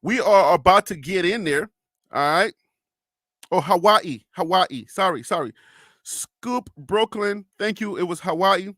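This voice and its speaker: A man's voice: high-pitched, unhurried, fairly bright tone, no echo, clean studio sound. A young man hosting a casual sports live stream, chatting loosely and reading viewer comments aloud with frequent laughs.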